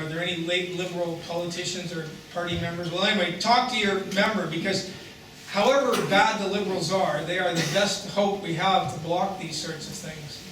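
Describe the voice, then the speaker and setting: A man's voice: high-pitched, a bit bright. A man giving a seminar talk to an audience, joking and conversational, with frequent restarts. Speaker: guest speaker at a seminar. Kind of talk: lecture with jokes. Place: hall with audience. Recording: echoey hall, distant mic, noise.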